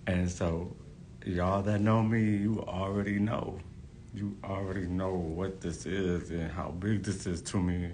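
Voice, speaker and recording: Deep-voiced guy vlogging slow, all gushy and emotional, faint rumble behind. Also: fairly even intonation, darkish tone. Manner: effusive, gushing, repeats phrases. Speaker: hairstylist. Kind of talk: emotional casual vlog to followers.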